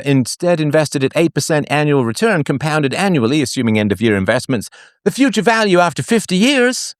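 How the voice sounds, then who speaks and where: A man's voice: on the high side, no room sound, clean studio sound. A man hosting a live solo show, reading out figures with sarcastic, mocking asides. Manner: jokey asides between figures read out. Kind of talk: solo livestream monologue.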